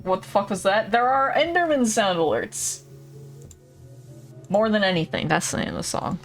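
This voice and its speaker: This woman's mid-range, sing-song voice moves at an ordinary pace as she plays a game on stream and talks loosely with viewers. She laughs often and curses without hesitation, with faint background music behind the casual chat.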